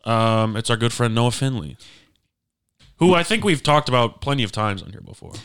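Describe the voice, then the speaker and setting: A man's voice: medium pitch, animated, normal speed, a bit bright, clean tone, no room sound, clean studio sound. A man hosting a podcast in casual chat, teasing and joking with his guest. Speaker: podcast host.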